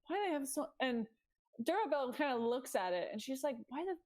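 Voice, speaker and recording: A woman's voice: sits high, sing-song, fast talker, a little mellow. A woman playing a tabletop game, chatting casually and correcting herself as she goes. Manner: hesitant, self-correcting. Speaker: player.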